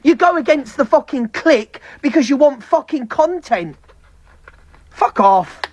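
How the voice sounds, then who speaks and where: A woman's voice: high-pitched, lively intonation, a little mellow. A woman on a live stream, venting in a heated, profane rant. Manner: heavy swearing, fast heated ranting.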